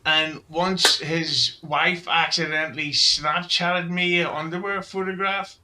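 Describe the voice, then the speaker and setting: A man speaking as a guest on a casual podcast, crude and halting, into a podcast mic. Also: on the high side, steady tone, noisy background.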